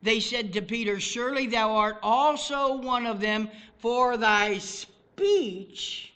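A man preaching a sermon as pastor, swinging from loud outbursts to hushed asides, who grew up in the American South. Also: very high-pitched, takes it slowly, clean tone.

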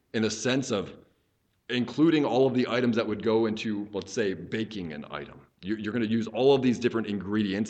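A man's voice: on the low side, darkish tone. A man preaching an expository teaching sermon as a pastor, explaining earnestly and often restarting his phrases as he thinks aloud.

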